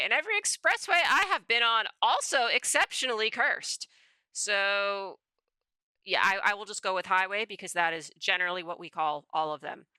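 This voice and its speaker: A woman's voice: medium pitch, sharp tone, clean tone, dry recording. A woman streamer chatting casually as she takes a quiz, thinking aloud, rambling and often correcting herself. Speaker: VTuber streamer. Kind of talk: casual chat while taking a quiz.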